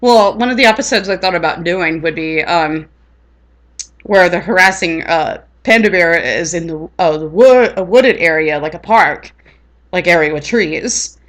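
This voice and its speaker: A woman's voice: fairly low pitch, normal speed, a bit bright. A woman rambling in casual chat on her vlog, laughing often. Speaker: vlogger.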